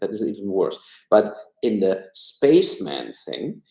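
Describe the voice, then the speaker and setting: A man's voice: low voice, lively intonation, moderate pace, creaky, few pauses, a little mellow, echoey room, low-quality recording. A man from Germany with a German accent, giving blunt, rambling, opinionated film and politics commentary on a casual live stream from home. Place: room at home.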